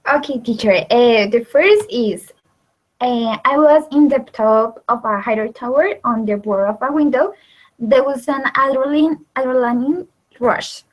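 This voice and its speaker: Slow, halting woman student. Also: on the high side, poor audio. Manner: halting, reads out sentences with pauses and filler sounds.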